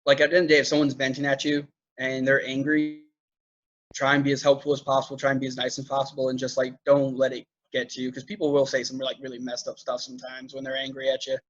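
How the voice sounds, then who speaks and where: A man's voice: mid-range voice, completely flat delivery, fast talker, a bit bright, lo-fi sound. Easygoing man telling theater stories. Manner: loose storytelling with many fillers. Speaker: movie theater manager, guest. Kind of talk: casual interview chat.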